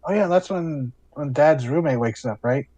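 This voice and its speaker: A man voicing an excitable twelve-year-old boy in a tabletop game, with bouncy, eager exclamations. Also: fairly high pitch, normal speed, muffled recording, natural voice.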